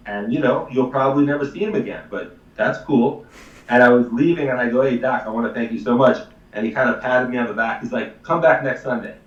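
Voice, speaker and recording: A man's voice: mid-range voice, brisk, roomy sound, far from the mic, dull audio. A man telling a long story in casual, emphatic talk, a chiropractor guesting on a live show. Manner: animated, emphatic, swears casually.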